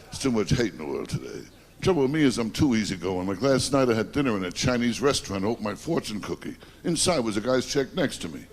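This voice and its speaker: A man's voice: lowish voice, sing-song, quick pace. An older man with a New York accent doing a stand-up comedy set, firing off punchy one-liners and working the crowd. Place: comedy club stage with live audience. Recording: live club recording with audience noise.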